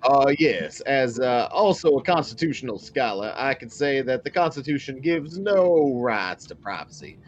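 A man playing a tabletop game, talking in character in a polite, halting way with many hesitations. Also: medium pitch, animated, dull audio, faint music behind. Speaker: player. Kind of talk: tabletop role-play in character.

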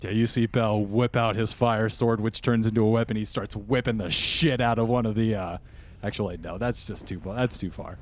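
A man's voice: lowish voice, steady tone, moderate pace. A man narrating as game master of a tabletop game, casual and full of fillers. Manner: casual, hesitant, many fillers.

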